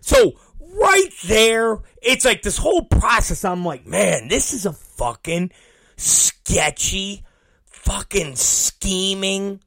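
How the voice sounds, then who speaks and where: A man tells a long story laced with constant swearing, his bright, lively, creaky voice jumping around in pitch at a slow pace. He acts out both sides of conversations, dropping into low, mumbling impressions of others. The sound is close and dry, with no echo.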